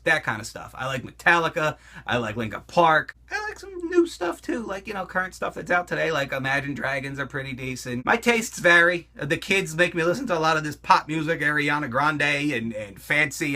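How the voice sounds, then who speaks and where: A middle-aged man from the United States hosting a profane comedic question-and-answer show, talking loud and crude and laughing as he goes. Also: on the high side, big pitch swings, a little fast, few pauses. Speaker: host answering viewer questions.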